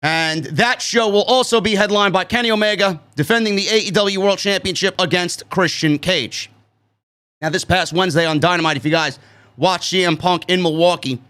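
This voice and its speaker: Guy from new york doing a live wrestling stream, high bright voice, hyped up and cussing a lot. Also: moderate pace, clean tone. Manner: excitable, swears freely, keeps saying "man". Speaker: wrestling review host.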